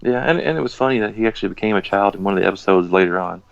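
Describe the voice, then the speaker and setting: A man co-hosting a podcast in casual chat about a game, chiming in with quick agreement. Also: fairly low pitch, creaky, no echo, dull audio. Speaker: podcast co-host.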